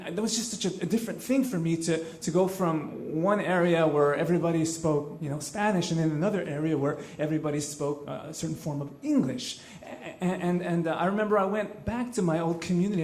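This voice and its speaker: Earnest male storyteller on stage, higher-pitched, roomy live room sound. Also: darkish tone. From Los Angeles. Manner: earnest and conversational, with frequent repeated starts.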